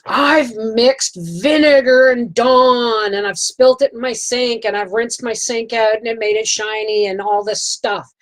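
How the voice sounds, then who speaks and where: A woman's voice: a little high, steady tone, a little slow, hardly any pauses, low-quality recording. A woman vlogging from her homestead, telling a rambling, emotional story in a folksy, chatty way. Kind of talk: casual storytelling to camera.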